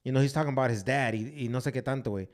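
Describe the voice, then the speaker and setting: A man's voice: medium pitch, very fast. A man co-hosting a podcast in casual chat, blunt and profane, now and then dropping Spanish phrases. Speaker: podcast co-host.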